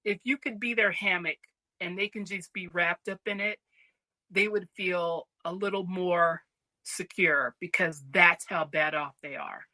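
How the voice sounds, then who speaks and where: Bright-voiced woman telling lively stories. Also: lowish voice, a little slow, dry recording. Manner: animated, acts out quoted voices, laughs easily. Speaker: podcast co-host. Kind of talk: casual chat, storytelling.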